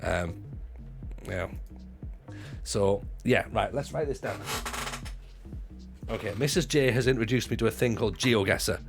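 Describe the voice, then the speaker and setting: A low, gravelly man bantering with his chat on a livestream, joking like the comic he once was. He swears freely and stumbles over restarts, with soft music under him. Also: measured pace, pauses often. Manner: jokey, chatty, stops and restarts, swears freely. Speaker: livestreamer and former stand-up comic. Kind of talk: casual livestream chat with viewers.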